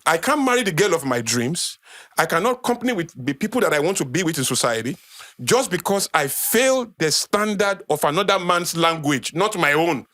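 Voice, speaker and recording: A man's voice: fairly high pitch, big pitch swings, moderate pace, pushed and bright, dry recording, clean studio sound. A middle-aged man with a Nigerian accent, a guest speaking with passion on a podcast, emphatic and lecturing, repeating phrases for effect.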